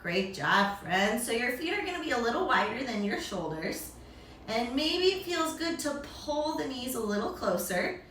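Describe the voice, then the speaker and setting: A woman's voice: on the high side, very animated, normal speed, a bit bright, a little hiss or hum. A young woman leading a children's yoga lesson, upbeat and encouraging, making animal sounds along with the poses. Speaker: kids yoga teacher. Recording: echoey room, distant mic.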